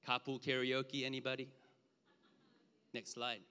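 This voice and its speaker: Bright-voiced preacher in a reverberant hall. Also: male voice, completely flat delivery, a little slow, clear, resonant tone. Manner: conversational, emphatic, drops low to an aside. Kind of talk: sermon with slides.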